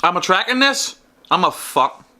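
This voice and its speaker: A man's voice: sits high, big pitch swings, normal speed, bright, forceful tone. A young man with a Northern Irish accent, chatting casually in a vlog, swearing often and calling the viewer mate. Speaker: fitness vlogger. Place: outdoors after the gym, then at home.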